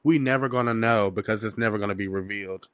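A man's voice: lowish voice, fast talker, fairly bright tone, clear, resonant tone, no echo. A man chatting casually as co-host, in a laid-back, agreeable way. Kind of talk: casual gossip chat.

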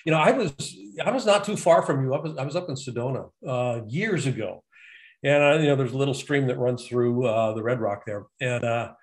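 A man's voice: medium pitch, brisk. A man hosting a conversational interview, musing aloud and asking long, winding questions. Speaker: host.

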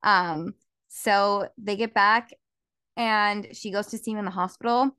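A woman's voice: mid-range voice, unhurried, clean tone, dry recording. A woman co-hosting a podcast, eagerly retelling a story in casual chat and filling her sentences with "like". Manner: animated plot retelling, lots of filler "like". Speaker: podcast co-host. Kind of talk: casual book recap chat.

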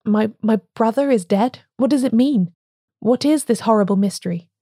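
A frail, high-strung curate who speaks stiffly and stammers when he is shaken, as voiced by a woman reading an audiobook. The voice is warm and mellow, and it is recorded close and dry. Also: a little fast, breathy edge, no echo. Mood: shocked. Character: frail, anxious male curate, ascetic and tense. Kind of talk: audiobook character voice.

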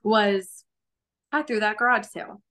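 A woman's voice: medium pitch, measured pace, a bit bright. Earnest woman telling her story. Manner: earnest, laughs often, acts out quoted voices. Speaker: guest sharing her testimony. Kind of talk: conversational faith testimony.

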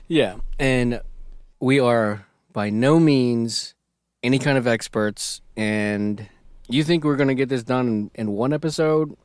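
A man's voice: medium pitch, unhurried, clean tone, no echo, clean studio sound. A man in his thirties co-hosting a podcast, talking in a laid-back way and chuckling often. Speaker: podcast co-host. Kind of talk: casual chat.

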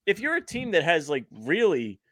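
A man's voice: fairly high pitch, big pitch swings, normal speed, fairly bright tone. A man co-hosting a sports podcast, chatting casually in a blunt, sarcastic, profane way. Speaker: podcast co-host.

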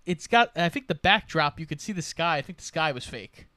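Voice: medium pitch, lively intonation, a little fast, sharp tone, dry recording, studio quality. A podcast co-host casually chiming in on a film recap with short details and corrections.

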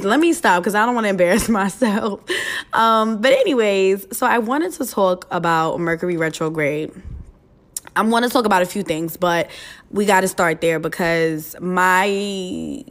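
A young woman hosts her podcast in a casual, rambling chat, cursing freely and tripping over her words. Her voice sits a little low for a woman. She laughs at herself as she goes. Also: normal speed. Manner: chatty and loose, swears freely, fillers and restarts, laughs at herself. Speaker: podcast host.

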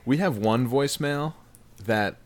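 A man's voice: medium pitch, unhurried. A man co-hosting a podcast, joking and cursing in casual chat. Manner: joking, profane, animated. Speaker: podcast co-host.

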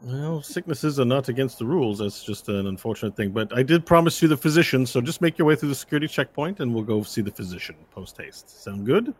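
A man's voice: mid-range voice, expressive, quick pace, few pauses, slightly rough, pitched above the performer's own voice. A man voicing a cheery, chatty male escort who is eager to please.

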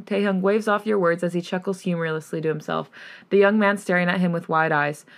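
A woman hosts a fanfiction podcast, reading chapters aloud in an expressive voice. Her voice sits slightly low for a woman, and she reacts emotionally between passages. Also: brisk. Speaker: podcast host and fanfic reader.

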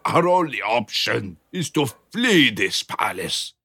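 A man's voice: mid-range voice, sing-song, slow pace, bright, forceful tone, voice pushed up, exaggerated voice. Man doing Mario, a scratchy old mouse. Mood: fearful doubt. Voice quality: scratchy, gravelly. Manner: gloomy, cautious, pleading. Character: scratchy-voiced doubtful old male mouse.

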